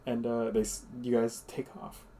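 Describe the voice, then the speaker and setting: A man's voice: medium pitch, flat delivery, moderate pace, dark tone. A man narrating as game master in a tabletop game, loose and rambling, full of fillers.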